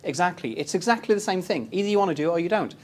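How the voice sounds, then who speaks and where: A man's voice: high voice, animated, rapid-fire. Cheeky, chatty seminar speaker, a man. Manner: chatty, cheeky, storytelling, quizzes the audience. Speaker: property investment seminar speaker. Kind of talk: live seminar talk to an audience. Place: seminar room with audience.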